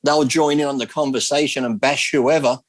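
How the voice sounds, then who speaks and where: A man's voice: medium pitch, steady tone, a little fast, dry recording. Rambling man, dry sound. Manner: rambling storyteller, swears freely. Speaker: guest. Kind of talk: casual chat.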